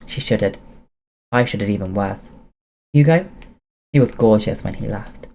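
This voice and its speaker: A man reading a novel aloud as first-person narration, steady with occasional laughs. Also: lowish voice, normal speed, vocal fry, pauses often.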